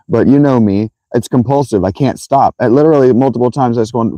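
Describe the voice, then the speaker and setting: A man hosting a casual livestream, telling a rambling, profane, animated story to his viewers. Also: medium pitch, fast, hardly any pauses, no echo, rough recording. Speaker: livestream host.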